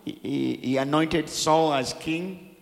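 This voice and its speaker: Gravelly interpreter in a reverberant hall. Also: male voice, fairly high pitch, takes it slowly. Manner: repeats each phrase right after the preacher. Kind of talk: live sermon interpretation.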